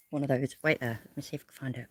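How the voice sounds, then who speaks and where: A woman hosts a casual livestream from bed while away from home, audio only with no camera, rambling and self-deprecating as she greets viewers by name. Her voice is extremely low in pitch, steady, and quick, with no room sound.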